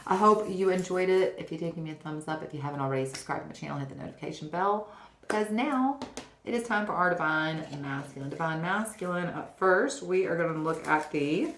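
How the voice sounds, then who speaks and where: A woman's voice: low-pitched, animated, fairly quick. A woman giving a casual tarot reading to her viewers, chatty and often checking in with "okay?". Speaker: tarot reader. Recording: roomy echo, faint noise.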